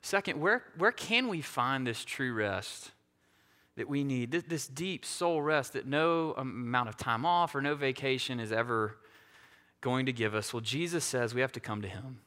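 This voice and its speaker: This pastor's voice is mid-range and sharp, moving at a normal speed. He preaches in a conversational, self-deprecating way, frequently checking on his audience with a repeated "right?" The sound carries hall reverb.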